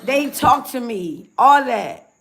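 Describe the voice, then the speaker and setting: A woman's voice: on the high side, very animated, slow pace, gravelly, fairly bright tone, slight background noise. Furious, profane woman ranting on a livestream. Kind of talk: angry livestream rant.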